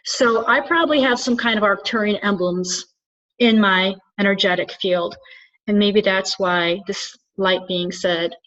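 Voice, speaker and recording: A woman's voice: mid-range voice, unhurried, a bit bright. A woman who works as a spiritual channeler, talking earnestly to the camera and thinking aloud as she goes. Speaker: spiritual channeler and soul coach. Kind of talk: reflective solo talk to camera. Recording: dull lo-fi recording.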